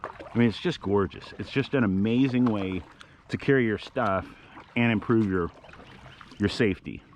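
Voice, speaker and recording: A middle-aged man sits in a kayak out on a lake, talking casually into an action camera. His voice sits on the low side, and his easygoing chat drifts between pointing out the scenery and giving gear tips. A faint hiss of noise runs under him. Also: normal speed. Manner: easygoing, chatty, jokey. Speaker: kayak vlogger. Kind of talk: casual outdoor vlog commentary.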